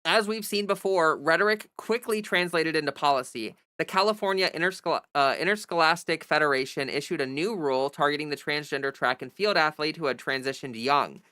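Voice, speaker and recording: Hosting a livestream, a young woman reads out a news piece and cuts away into exasperated, sarcastic remarks. She talks a little fast with few pauses, in a low voice with a sharp tone, and there is no echo.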